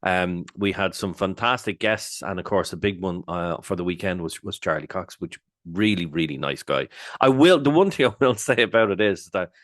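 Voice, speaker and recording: A man with an Irish accent, co-hosting a podcast and telling stories in casual chat, animated and swearing freely. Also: sits low, normal speed, no room sound, studio quality. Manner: animated, swears freely, jumps into loud quoted exclamations. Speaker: podcast co-host.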